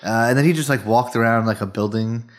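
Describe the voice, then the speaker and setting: A man's voice: medium pitch, quick pace. A man co-hosting a podcast, chatting casually in a loose, rambling way full of fillers. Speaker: podcast co-host. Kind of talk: casual chat.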